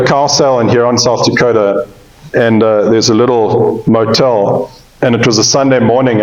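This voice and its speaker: Joking man giving a cattle talk. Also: medium pitch. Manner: folksy, joking, checks in with "okay?". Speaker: cattle industry speaker. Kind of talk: pre-sale presentation. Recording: roomy, slightly dull sound.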